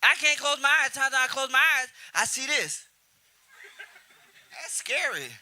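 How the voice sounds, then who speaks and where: A man in his twenties doing a profane stand-up comedy set, telling stories and shouting out quoted lines. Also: very high-pitched, lively intonation, moderate pace. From Houston area. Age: 20s. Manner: brash, profane storytelling with loud acted-out quotes. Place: comedy club stage.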